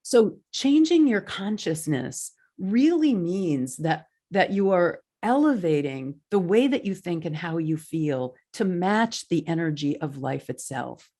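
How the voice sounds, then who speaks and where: A woman hosting a podcast, speaking in an earnest, inspirational monologue with animated storytelling. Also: a little slow, few pauses. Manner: earnest, animated storytelling with lively pitch swings. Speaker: podcast host.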